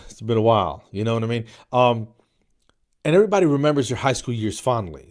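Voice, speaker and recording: His voice is fairly low and a little mellow. He's a forties-aged New Jersey podcast host delivering a joking comedic monologue, throwing in "man" and "dude" throughout.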